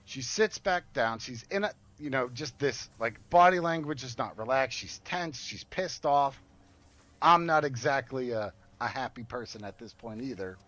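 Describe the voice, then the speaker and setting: A man's voice: medium pitch, moderate pace. Man telling an angry story. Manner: animated, profane, acts out quoted dialogue. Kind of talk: casual storytelling while gaming.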